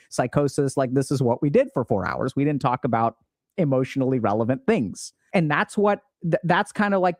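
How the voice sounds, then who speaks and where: A man's voice: mid-range voice, darkish tone, dry recording, clean studio sound. A man in his thirties explaining emotional skills in a casual, upbeat way, slipping into voices for remembered conversations. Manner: casual, upbeat, acts out quoted dialogue. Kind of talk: explanatory talk to camera.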